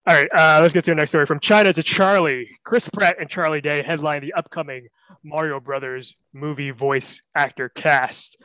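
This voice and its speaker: A man's voice: fairly high pitch, fairly even intonation, normal speed, bright, forceful tone, dry recording, rough recording. Wry male host, dry sound. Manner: wry, leading questions. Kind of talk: hosting casual news chat.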